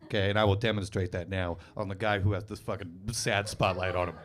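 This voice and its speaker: A man in his twenties hosting a live stand-up comedy show on a club stage, doing self-mocking, deadpan crowd work into a handheld mic. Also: deep voice, a little fast. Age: 20s.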